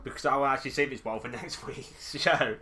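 A man co-hosting a casual podcast, reacting to stories with quick dry quips. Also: medium pitch, a crowd in the background. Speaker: podcast co-host. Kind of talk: casual comedic podcast chat.

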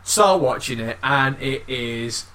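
A man's voice: medium pitch, lively intonation, slow, bright, forceful tone. A man co-hosting a podcast, chatting crudely and laughing as he swears freely. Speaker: podcast co-host. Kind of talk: crude casual banter.

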